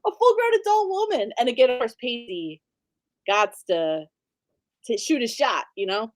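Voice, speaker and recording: A young adult woman co-hosting a casual recap chat, animated, laughing often and peppering her speech with "like". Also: on the high side, normal speed, no echo, clean studio sound. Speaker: podcast co-host.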